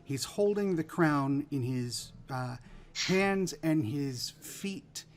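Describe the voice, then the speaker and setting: Slow-talking man running a tabletop game. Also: on the high side. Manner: relaxed storytelling with filler pauses. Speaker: game master.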